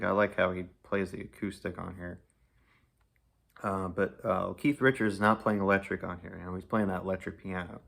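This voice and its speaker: A man's voice: low voice, gravelly, fairly bright tone. A man giving a casual, enthusiastic, rambling album review, laughing often and gushing over songs. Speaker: music reviewer.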